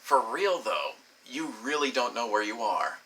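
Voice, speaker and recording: A man's voice: medium pitch, sing-song, a little slow, bright, forceful tone. A man quoting a coy, teasing young woman.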